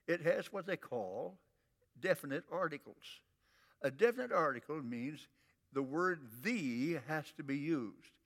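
Older preacher with a lively, ringing voice. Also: male voice, a little high, long reverb tail. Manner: folksy, emphatic preaching with drawn-out repeated phrases. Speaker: pastor. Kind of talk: sermon.

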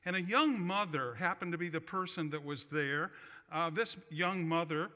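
A pastor with a slightly high, sharp-toned voice preaches at normal speed, recounting a personal story with folksy, self-deprecating humor. The long reverb of a large hall surrounds him.

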